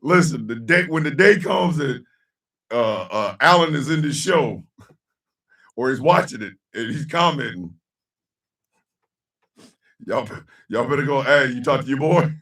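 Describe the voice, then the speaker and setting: A man hosting a casual live-stream show, loud and laughing, heavy on slang. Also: medium pitch, animated, takes it slowly, long pauses, recorded from a distance. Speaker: host. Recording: echoey room, a bit off-mic.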